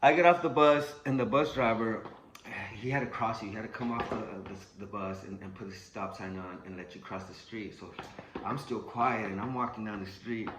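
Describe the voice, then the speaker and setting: A young man casually telling a personal story, animated and profane, acting out what people said. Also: fairly low pitch, moderate pace, background noise. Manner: animated, profane, acts out quotes.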